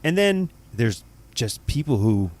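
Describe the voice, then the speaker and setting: A man co-hosting a podcast, chatting casually in a measured, reflective way and laughing easily. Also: mid-range voice, big pitch swings, darkish tone. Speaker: podcast co-host. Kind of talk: casual chat.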